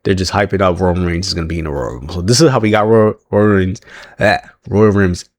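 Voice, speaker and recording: Chatty man with a lowish voice. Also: fast. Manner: chatty, laughs often, frequent restarts. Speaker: wrestling recap reviewer. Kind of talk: casual show recap.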